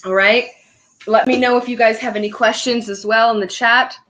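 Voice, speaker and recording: A woman's voice: fairly high pitch, fairly even intonation, normal speed, fairly bright tone. A young woman hosting a casual live stream, chatty and upbeat, with plenty of fillers. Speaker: host.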